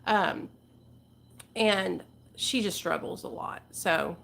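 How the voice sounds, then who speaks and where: A woman's voice: fairly low pitch, slow pace, vocal fry, fairly bright tone. A woman in her forties hosting a casual livestream chat, talking candidly and rambling, swearing freely. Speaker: channel host.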